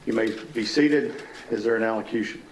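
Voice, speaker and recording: A man, serving as a judge, reads a formal courtroom sentence in a measured way. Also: lowish voice. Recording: echoey courtroom with faint noise.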